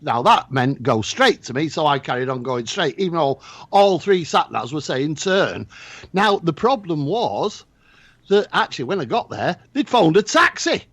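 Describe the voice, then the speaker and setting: A man's voice: fairly high pitch, big pitch swings, normal speed, slightly rough, dry recording. A man co-hosting a casual chat show, telling jokey stories with plenty of animation. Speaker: co-host. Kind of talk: casual banter.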